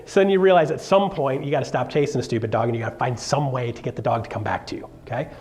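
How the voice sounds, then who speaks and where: A man giving a live stage talk to an audience, jokey and animated, acting out quotes as he tells stories. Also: medium pitch, rapid-fire. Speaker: seminar speaker.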